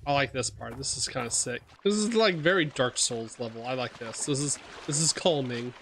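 A man's voice: medium pitch, normal speed, a bit bright, slight background noise. A man commentating on his own horror game play, jumpy and swearing, talking back to the characters on screen. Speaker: gaming streamer.

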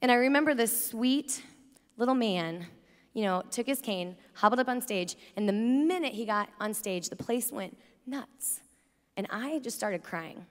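A woman's voice: on the high side, expressive, measured pace. A young woman speaking at a youth conference, telling stories in a chatty way with lots of "like" and "you know". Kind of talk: energetic faith talk to a youth crowd. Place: large conference arena. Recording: long hall reverb from a large arena.

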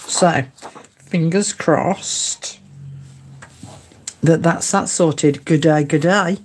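A woman's voice: low voice, a little mellow, husky. A woman hosting a casual craft tutorial livestream, chatting as she works and greeting viewers in the live chat by name.

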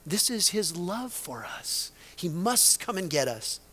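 A male pastor preaching a sermon, swinging between loud emphasis and hushed, dramatic lines. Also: sits high, very animated, unhurried, breathy edge.

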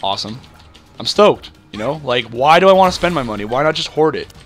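A man's voice: mid-range voice, animated, a little fast, fairly bright tone, faint music behind. A young man from Canada rambling through casual gameplay commentary, full of fillers and self-deprecating asides. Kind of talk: casual let's-play commentary.

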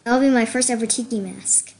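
A young woman chatting excitedly through casual gameplay commentary, gushing and chatty. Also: fairly high pitch, a little fast, a little hiss or hum. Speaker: gamer.

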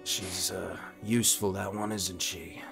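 A man voicing a sly male pit bull, the right-hand dog of a pack leader, speaking softly and knowingly in a tabletop role-play game. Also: sits low, level tone, unhurried, gravelly, soft background music, exaggerated voice.

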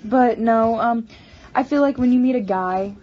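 A woman talking in a casual personal vlog, halting with many restarts and stammers. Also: a little high. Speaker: vlogger. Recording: slightly muffled home recording.

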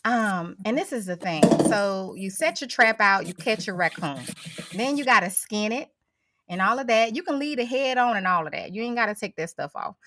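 A woman's voice: medium pitch, fairly bright tone, dry recording, studio quality. A woman guest cook talking in a folksy, easygoing way, often calling people honey. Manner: folksy, drawling, says honey a lot. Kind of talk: casual chat on a video call.

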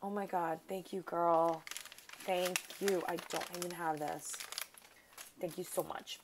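Woman, casual gushing unboxing chat, some vocal fry, faint background noise. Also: fairly low pitch, steady tone, unhurried. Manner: gushing, chatty, talks to the sender as "girl". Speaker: crafting vlogger.

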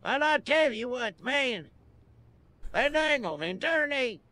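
A synthetic male voice voicing a folksy backwoods southern handyman with a slow, twangy, rambling drawl. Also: very high-pitched, expressive, sharp tone, heavily acted. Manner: slow, garbled country speech. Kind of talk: synthetic game character voice.

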